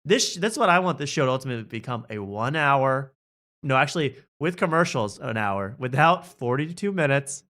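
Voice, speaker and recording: A man's voice: medium pitch, animated, brisk, fairly bright tone. Jokey podcast guy roasting tv clips, sarcastic, plain mid voice. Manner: sarcastic, jokey, laughing often. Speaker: podcast host. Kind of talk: comedic reaction commentary.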